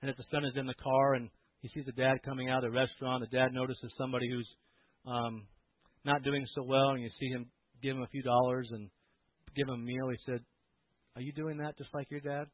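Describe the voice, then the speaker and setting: A man preaching a sermon as pastor, swinging from loud impassioned preaching to quiet storytelling. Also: mid-range voice, level tone, fast talker, no echo. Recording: tinny phone-like sound, dry.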